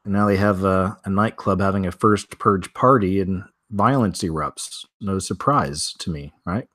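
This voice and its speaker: A man's voice: sits low, unhurried, a bit bright, no room sound, clean studio sound. A man hosting a weird-news show, reading headlines aloud and then riffing on them in a chatty, offhand way. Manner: chatty, reads headlines then riffs with asides. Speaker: news commentary host. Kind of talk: casual news commentary.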